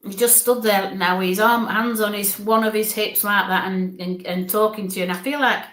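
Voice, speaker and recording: A woman's voice: mid-range voice, steady tone. A woman, a psychic medium giving a live-streamed reading in an affectionate, reassuring, chatty way. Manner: warm, affectionate, talks in quick asides. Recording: echoey room.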